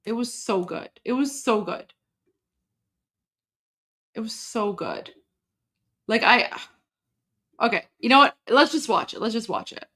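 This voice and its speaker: A woman's voice: a little high, lively intonation, measured pace, long pauses, a bit bright. A woman hosting a casual livestream, talking in an emotional, rambling way that breaks off and restarts often. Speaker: livestream host. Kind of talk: casual live-stream chat.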